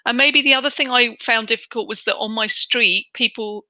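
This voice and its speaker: Middle-aged British woman, interview guest, chatty and bright, dry close sound. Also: a little high, brisk, no echo. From United Kingdom. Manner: chatty, animated, acts out quoted voices. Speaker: interview guest, relocation trainer. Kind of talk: casual interview chat.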